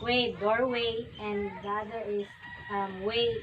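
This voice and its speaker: A woman student answers slowly and hesitantly, pausing as she looks for her words. She sounds a little distant, with a dull tone and clear noise around her. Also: medium pitch, fairly even intonation.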